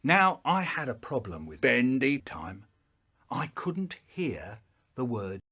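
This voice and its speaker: A man telling a comic childhood story in an animated, playful way, with stuttered sound effects. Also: mid-range voice, slow pace, breathy edge.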